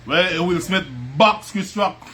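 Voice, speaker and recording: Taking it slowly, a man with a high-pitched, a bit bright voice and fairly even intonation hosts a casual livestream at home in a Belizean Creole English accent. Background music and a little hiss or hum are audible. He laughs often, chats and greets viewers by name.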